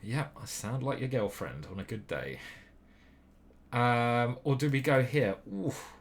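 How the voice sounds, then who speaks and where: A young British man commentating on his own online chess games, playful and profane, switching between loud whoops and muttered asides. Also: medium pitch, unhurried. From Britain. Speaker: chess grandmaster streamer.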